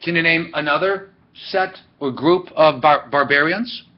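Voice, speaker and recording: A man's voice: fairly high pitch, a little slow. A man teaching a church history class, walking through dates and quizzing his students as he thinks aloud. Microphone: webcam. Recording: muffled webcam audio.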